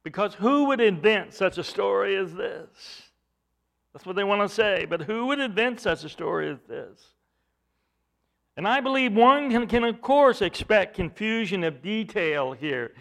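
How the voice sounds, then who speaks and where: A man preaching a sermon, expressive, swelling loud at times and dropping soft at others. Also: sits high, unhurried, gravelly. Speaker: pastor.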